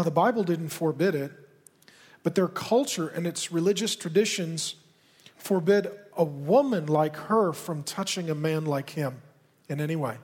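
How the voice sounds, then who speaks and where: A husky pastor whose voice is on the high side preaches directly and conversationally to his congregation, dropping pointed asides. The hall is reverberant.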